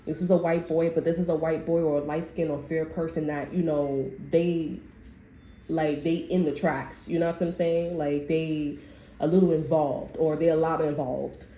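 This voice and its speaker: A woman's voice: sits low, steady tone, moderate pace, dark tone. A woman doing a casual tarot reading to camera, talking bluntly and with plenty of swearing and fillers. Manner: blunt and profane, lots of fillers. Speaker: tarot reader. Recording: roomy echo, faint background noise.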